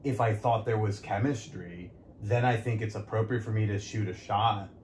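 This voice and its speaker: A man's voice: on the low side, moderate pace, darkish tone. A man, a podcast guest, talks in a casual, frank conversation, rambling with many fillers and self-corrections. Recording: echoey room, light background noise.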